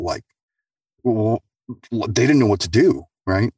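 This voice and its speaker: A man's voice: lowish voice, animated, normal speed, a little mellow, slightly rough, no room sound, clean studio sound, far from the mic. A man casually telling a true story in loose, profane, filler-heavy speech, often tagging on "right?" and "dude". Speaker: storyteller sharing a true experience.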